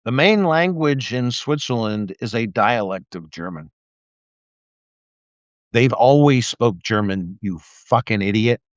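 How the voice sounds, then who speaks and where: Heard through dull, dry, lo-fi livestream audio with no room sound, an older man speaks slowly but animatedly at medium pitch. His political rant is angry, crude, and scornful, and heat makes him stammer and start over.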